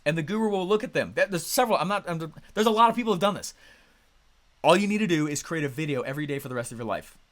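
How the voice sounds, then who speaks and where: High-voiced, punchy male coach. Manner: energetic and emphatic, with loud bursts; quick, conversational storytelling with restarts. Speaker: business coach. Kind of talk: motivational coaching talk.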